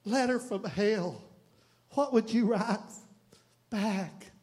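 A man preaches in a church, his voice sitting notably high. He moves from near-whispered storytelling to full impassioned shouting. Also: takes it slowly. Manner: impassioned, swinging from hushed to shouting. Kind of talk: sermon.

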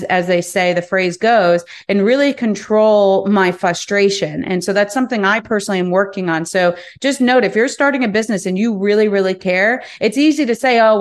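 A woman hosting a business podcast, speaking frankly in a candid monologue, cursing now and then and repeating words as she works through her thoughts. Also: mid-range voice.

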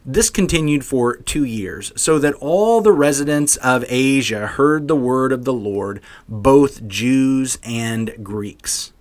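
A man's voice: medium pitch, takes it slowly, few pauses. A man co-hosting a Bible podcast, reading scripture expressively like a story for kids and chatting casually. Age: adult parent. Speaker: podcast co-host.

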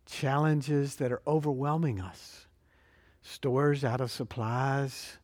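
A man preaching a sermon, slow and emphatic, with dramatic pauses. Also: medium pitch, darkish tone, long reverb tail. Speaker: pastor.

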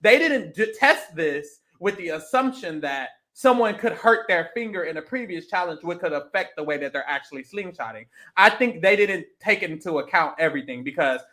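A podcast co-host recapping a reality show in casual chat, animated and gossipy, swearing freely and acting out quotes. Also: mid-range voice, normal speed, hardly any pauses.

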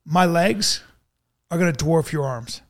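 Man, comedian guest, gravelly voice, slightly high, teasing, casual chat. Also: expressive, a little slow. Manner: joking and teasing. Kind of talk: casual conversation.

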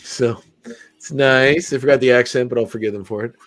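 A man's voice: medium pitch, steady tone, normal speed. A man co-hosting a podcast, chatting casually with jokes and frequent stumbling restarts. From Canada. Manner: joking, self-deprecating, stumbling restarts. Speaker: podcast co-host. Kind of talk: casual chat.

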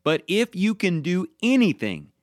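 A desperate father pleading for help, as a male preacher reads him out. His pitch rises and falls widely. The voice sounds dry and close. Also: huge pitch swings, a little slow, no room sound, heavily acted.

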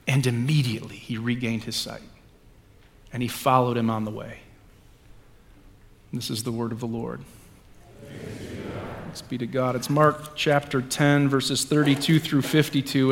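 A male pastor reading scripture aloud and then preaching a sermon, moving between hushed lines and loud ones, with casual asides. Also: mid-range voice, long reverb tail, a little hiss or hum. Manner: reads scripture with dramatic swings from hushed to loud; conversational asides with fillers.

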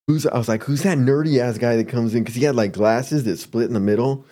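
A man from Arizona spins a casual story as a podcast guest. His voice sits mellow and dark, loose with slang. He slips into quick impressions of the people in the tale. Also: mid-range voice. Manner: laid-back, slangy, mimics people in his stories.

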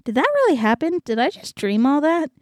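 A woman's voice: sits high, very animated, brisk, no echo. A woman voicing a grumpy, drunken male gravedigger, in an offhand, flippant way. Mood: carefree.

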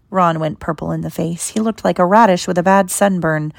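A woman's voice: fairly low pitch, brisk, vocal fry, few pauses, no echo, clean studio sound. Woman reading a storybook aloud. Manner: steady storytelling with voices. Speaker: reader.

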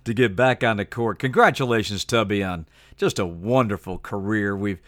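A man's voice: lowish voice, normal speed, a bit bright, no room sound, clean studio sound. A man hosting a podcast, interviewing a guest with polished broadcaster delivery.

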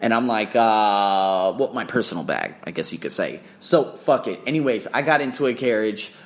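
A man telling a travel story in a casual vlog, profane and excitable, swearing freely as he talks. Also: on the low side, normal speed. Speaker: vlogger and English teacher.

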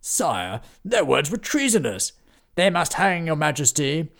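A man voicing indignant old bearded knights who protest loudly. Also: mid-range voice, huge pitch swings, a little slow, breathy edge, exaggerated voice. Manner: loud, protesting.

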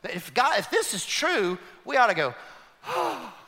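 A man's voice: high voice, normal speed. A man preaching a sermon as pastor, talking straight to his congregation and getting them to respond. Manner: animated, leads the congregation in call-and-response. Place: church sanctuary. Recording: long hall reverb.

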